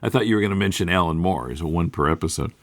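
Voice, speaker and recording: A man with a very deep voice hosting a podcast chat, recorded dry and close with no room sound. He recounts things in a measured, thoughtful, detailed way. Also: no echo. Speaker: podcast host. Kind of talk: casual chat.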